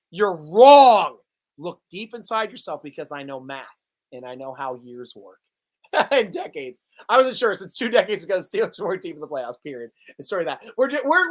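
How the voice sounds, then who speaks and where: A man hosts a live sports chat stream with a bright, forceful voice whose pitch bounces all over. He jokes around playfully and laughs often, keeping it loose and casual. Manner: playful, joking, animated. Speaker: sports show host.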